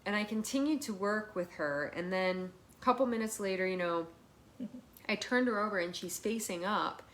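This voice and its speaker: A woman, a massage therapist, telling a personal story as a podcast guest in a chatty, animated way, with many fillers and restarts. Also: mid-range voice, moderate pace.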